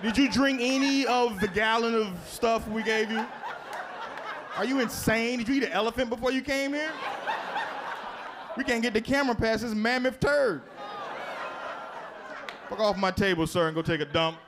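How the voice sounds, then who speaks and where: Here a man puts on an exasperated doctor who yells at a patient in disbelief, high and pushed. The scolding comes fast and loud over a noisy live room. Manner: shouting, incredulous, scolding.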